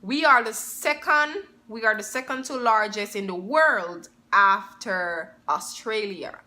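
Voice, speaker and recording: A woman from Jamaica with a Jamaican accent, explaining things to camera in a casual vlog, halting and searching for words with many restarts. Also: mid-range voice, pushed and bright. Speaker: vlogger.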